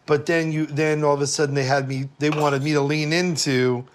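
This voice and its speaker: A man talks in a somewhat raised register. He tells stories with lots of animation and frequent laughter. He is a guest in a relaxed podcast chat set in a kitchen. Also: fairly high pitch, fairly quick, slight background noise. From Brooklyn, New York. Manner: animated storyteller, laughs often.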